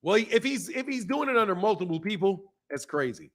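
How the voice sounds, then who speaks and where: A man hosting a boxing live stream, reading viewer comments and ranting in animated, slangy talk. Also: high-pitched, brisk. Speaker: boxing channel host.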